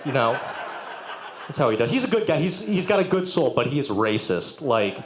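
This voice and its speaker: A man's voice: medium pitch, very animated, moderate pace, background noise. Sardonic male stand-up comic. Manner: sardonic, crowd work with profanity. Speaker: stand-up comedian. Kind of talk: stand-up set. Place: live music venue with audience. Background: audience laughter.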